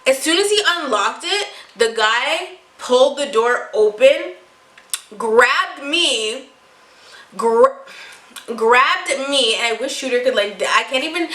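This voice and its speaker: A young adult woman telling a storytime vlog to her viewers, animated and full of swearing. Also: a little high, reverberant, rough recording. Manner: animated, profane storytelling, often addressing viewers. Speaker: vlogger.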